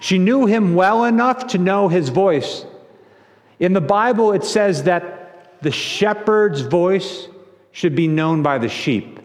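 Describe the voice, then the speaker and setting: A man preaching a sermon as pastor, telling the story in a lively conversational way and sometimes repeating his words. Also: sits high, slow. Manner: animated storytelling with acted-out quotes. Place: church sanctuary. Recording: long church reverb.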